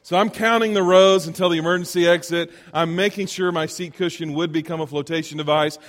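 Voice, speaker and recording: Brief: male comic, self-deprecating storyteller, high voice, reverberant hall. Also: brisk. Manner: animated, self-deprecating anecdotes with acted-out quotes. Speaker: comedian. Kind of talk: stand-up storytelling. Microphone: handheld microphone.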